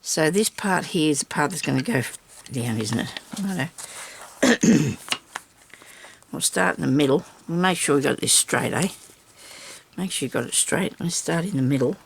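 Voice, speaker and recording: Woman, casual crafting chat, talks to herself and viewers, gravelly voice. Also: low voice, animated, moderate pace, a little hiss or hum. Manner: chatty, talks to herself and viewers while working; self-teasing with frequent small laughs. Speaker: crafter filming a tutorial.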